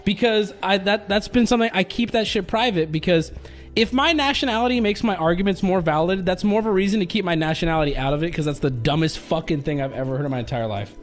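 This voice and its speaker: A man with a high voice rambles through casual stream chat, swearing freely and breaking into laughs. Faint music plays behind him. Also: fast talker. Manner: rambling, profane, laughing often.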